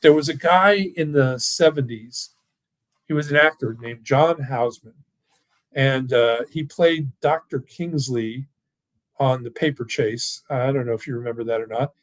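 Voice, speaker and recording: The owner of a financial firm hosts a casual webinar with live Q&A, an online workshop from a home or office setting. His medium-pitched voice is captured in a dry recording, and he speaks in an enthusiastic, rambling, folksy way.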